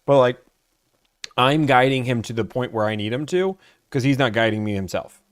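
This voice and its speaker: A man's voice: mid-range voice, moderate pace, no room sound, clean studio sound. A young man from Georgia chatting casually on a live stream about buying cars, rambling and filling his talk with "like.". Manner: rambling, full of "like" fillers.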